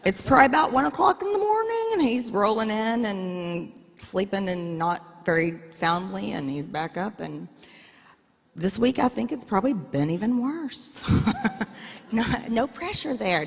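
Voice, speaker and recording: A woman's voice: mid-range voice, expressive, measured pace, vocal fry. A woman in her forties telling frank, joking stories about her family and her coach husband to an audience. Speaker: coach's wife, guest. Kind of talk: candid storytelling to an audience. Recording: echoey hall.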